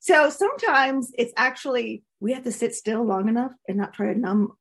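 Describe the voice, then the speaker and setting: A woman's voice: on the high side, animated, normal speed, husky. A woman coaching listeners in a casual, earnest, candid talk, laughing often. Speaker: coach teaching a course.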